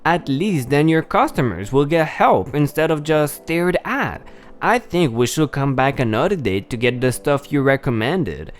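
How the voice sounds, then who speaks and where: A man's voice: fairly high pitch, big pitch swings, measured pace. A curt, scolding old grandmother, as a male narrator puts her on. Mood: scornful. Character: indignant old grandmother customer.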